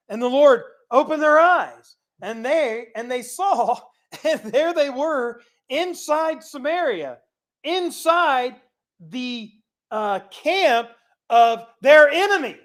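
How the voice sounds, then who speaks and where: A woman teaching a casual Bible study, reading scripture aloud and paraphrasing it in lively, chatty asides, often laughing. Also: high voice, slow.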